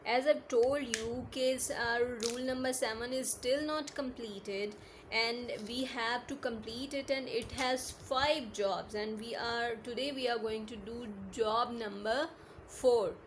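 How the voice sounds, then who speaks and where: A woman teacher giving a patient online lesson, often checking if it is clear and mixing in Hindi-Urdu phrases. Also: fairly high pitch, fairly even intonation, unhurried, a little hiss or hum.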